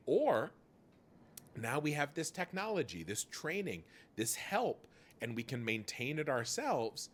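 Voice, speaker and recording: Guy hosting a charity stream, animated storyteller, mid pitch, swears a lot. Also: measured pace. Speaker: host. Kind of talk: casual charity stream chat.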